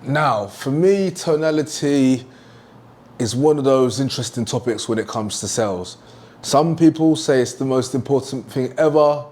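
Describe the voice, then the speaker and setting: A man's voice: medium pitch, moderate pace, darkish tone. A young man teaching a sales lesson at a whiteboard, emphatic and repeating his key points. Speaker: sales trainer.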